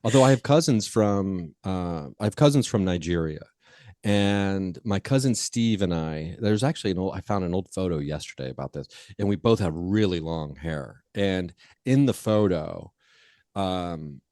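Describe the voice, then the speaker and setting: A man's voice: low voice, animated, normal speed, a little mellow, no echo, studio quality. A man hosting a podcast, chatting casually in a rambling way with lots of fillers and restarts. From Ohio. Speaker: podcast host. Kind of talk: casual interview chat.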